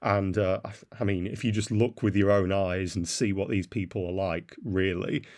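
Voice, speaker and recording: Bloke ranting in a voice-over, low-ish voice, sneering, lots of uhs. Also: male voice, steady tone, normal speed, a little mellow. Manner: blunt, derisive, frequent "uh" fillers. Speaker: political commentator. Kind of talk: opinion monologue voice-over.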